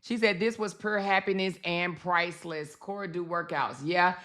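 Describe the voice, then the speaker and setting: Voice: medium pitch, fairly even intonation, moderate pace, sharp tone. A host commenting casually on a livestream clip, chatting straight to the audience.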